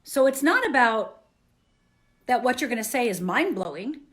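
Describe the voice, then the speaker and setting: A woman giving an earnest, animated coaching talk to camera, often checking in with the listener. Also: on the high side, normal speed. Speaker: self-help coach.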